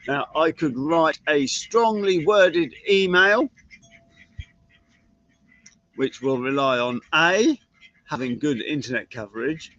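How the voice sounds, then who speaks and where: A man's voice: on the high side, lively intonation, takes it slowly, long pauses, fairly bright tone, no room sound, dull audio. A man teaching about horses in a chatty live-stream talk, often asking rhetorical questions. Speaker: horse trainer.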